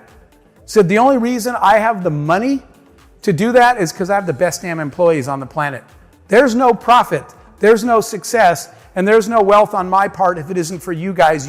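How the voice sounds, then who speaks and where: A man's voice: high voice, moderate pace, soft background music. Man telling stories in a hall. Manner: animated storyteller acting out dialogue. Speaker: keynote speaker. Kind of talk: storytelling keynote speech. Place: large conference hall. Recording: long hall reverb.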